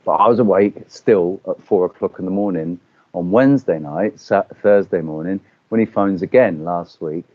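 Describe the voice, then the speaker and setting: A man in casual chat, telling stories with animated swearing and acting out quotes. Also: low-pitched, normal speed, dry recording. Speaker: podcast guest. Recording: dull lo-fi audio.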